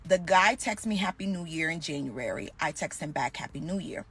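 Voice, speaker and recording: A young adult woman telling a storytime about her dating life, animated and acting out both sides of the conversation. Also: low voice, normal speed, husky. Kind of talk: storytime vlog.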